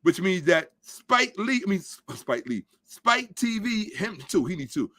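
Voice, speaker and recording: A man's voice: high voice, sing-song, unhurried, bright, forceful tone. A man hosting a podcast, giving a blunt, profane, emphatic commentary monologue and lecturing his listeners. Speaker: podcast host. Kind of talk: ranting social commentary monologue.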